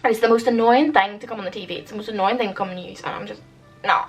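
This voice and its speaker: A woman's voice: medium pitch, rapid-fire, recorded from a distance, soft background music, rough recording. A young woman in her late teens from the UK, ranting casually to camera at home in a rambling, exasperated way, with lots of "like". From United Kingdom. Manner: rambling and exasperated, heavy use of "like". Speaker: vlogger.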